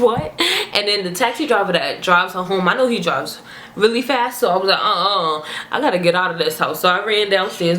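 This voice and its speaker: Chatty young woman telling a story. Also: lowish voice. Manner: chatty, animated, slangy storyteller who breaks into character voices. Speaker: vlogger. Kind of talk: casual storytime vlog. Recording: roomy echo, faint ambience.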